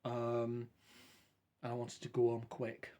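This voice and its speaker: A man tells a meandering story to the camera in a loose, chatty way. He keeps quoting the exchanges word for word with "I says" and "he says". His voice sits at an ordinary middle pitch. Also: completely flat delivery, slow pace, warm tone. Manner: rambling, colloquial, repeats quoted dialogue with "I says". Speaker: vlogger. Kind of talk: casual storytelling monologue.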